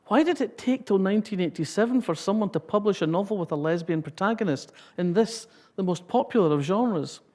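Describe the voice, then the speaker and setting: A woman's voice: mid-range voice, animated, a little fast, hardly any pauses, warm tone. A Scottish woman in her sixties giving a public talk, reading a passage and then telling wry, humorous anecdotes.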